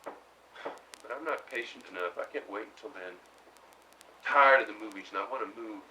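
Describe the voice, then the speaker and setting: A man's voice: lowish voice, normal speed, pushed and bright, far from the mic, slight background noise, low-quality recording. A man playing a restless, brooding young son. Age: young adult. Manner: intense, brooding, bursts of feeling. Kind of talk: stage play scene.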